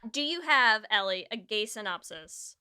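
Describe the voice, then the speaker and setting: A woman's voice: mid-range voice, animated, moderate pace, bright, forceful tone, clear, resonant tone. A woman co-hosting a podcast in playful, chatty talk, also reading a synopsis aloud. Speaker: podcast co-host. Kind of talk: casual podcast chat.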